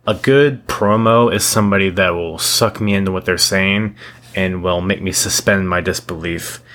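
A young man with a deep, low voice talks on a podcast in a blunt, profane, animated rant. He keeps restarting his sentences as he piles on opinions. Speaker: podcast co-host. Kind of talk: casual opinionated chat.

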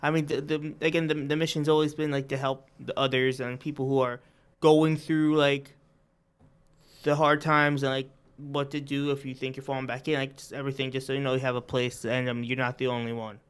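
A man's voice: medium pitch, little pitch movement, fairly quick, clean tone. A young man co-hosting a casual podcast chat, talking hesitantly with lots of fillers. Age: young adult. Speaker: podcast co-host.

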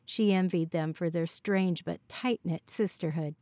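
A woman reading a novel aloud in steady, scripted narration on a close mic. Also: lowish voice, a little slow, no room sound. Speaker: audiobook narrator.

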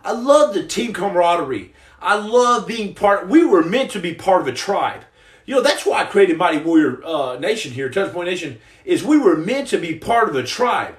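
A man's voice: sits high, roomy sound. A man hosting a comedic livestream, reading viewer comments and rambling through jokes with stammered restarts. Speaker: livestream host.

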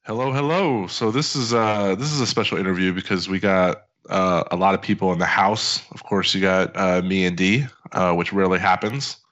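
A man's voice: sits low, steady tone, normal speed, hardly any pauses, fairly bright tone. A man co-hosting a casual podcast, introducing guests in a loose, rambling way with lots of fillers. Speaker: podcast co-host. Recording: dull lo-fi audio.

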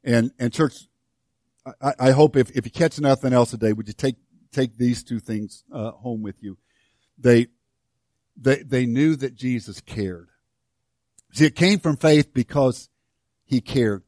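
A man preaching a sermon to his church, swinging from hushed, slow lines to loud, fervent ones. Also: medium pitch, dry recording, studio quality. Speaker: pastor.

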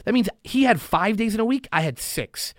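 A man's voice: high-pitched, animated, moderate pace, no room sound, studio quality. A man talking as a podcast guest in casual conversation, emphatic and motivational, driving his points home by repeating them. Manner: emphatic and motivational, hammering points through repetition. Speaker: podcast guest, loan officer.

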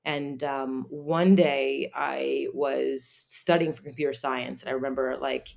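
A woman guest telling a personal story in an interview, halting, with many fillers and restarts. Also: a bass voice, fairly even intonation, gravelly, a little mellow.

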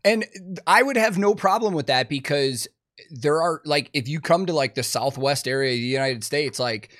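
Laid-back American podcast host. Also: male voice, on the high side, normal speed. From Chicago. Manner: relaxed, chatty, many fillers like "like". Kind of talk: casual podcast chat.

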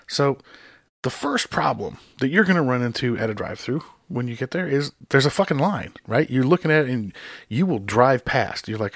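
A man's voice: mid-range voice, expressive, a little fast, no echo, clean studio sound. A man hosting his own podcast, ranting about everyday annoyances with constant swearing and exasperated outbursts. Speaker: podcast host. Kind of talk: profane solo rant.

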